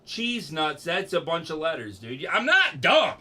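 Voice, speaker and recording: Animated, bright-voiced streamer man. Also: on the high side, measured pace. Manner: rambling, profane, jokey. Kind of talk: casual livestream chat.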